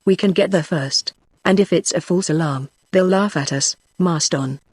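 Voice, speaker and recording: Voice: mid-range voice, moderate pace, husky, dry recording, clean studio sound, close to an everyday voice. A text-to-speech voice reading the lines of an earnest, anxious young adventurer. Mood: urgent.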